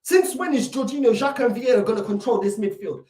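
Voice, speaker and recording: A woman's voice: fairly high pitch, fast talker, warm tone. A woman delivering a fuming, repetitive rant as a football fan reacting to a match. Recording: echoey room, mic at a distance.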